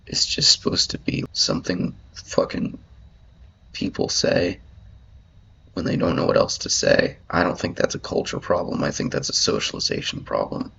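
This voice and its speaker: Brief: very deep, husky man, rambling profane rant, dull lo-fi sound. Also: fairly bright tone. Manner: rambling, profane, lots of "like" fillers. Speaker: commentator reading an article aloud. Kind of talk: ranting commentary. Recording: dull lo-fi audio.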